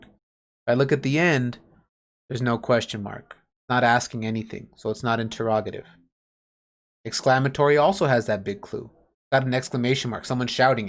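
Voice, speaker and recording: Man, teacher, patient, everyday examples, video call, mid-pitched. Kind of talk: online class lesson.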